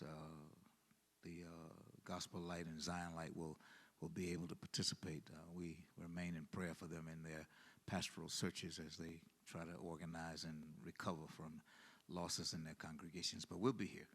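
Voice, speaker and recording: Low-pitched male pastor, halting teaching style that rises for emphasis. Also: fairly bright tone. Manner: halting, many fillers and restarts, swells in emphasis. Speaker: pastor leading Bible study. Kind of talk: Bible study teaching.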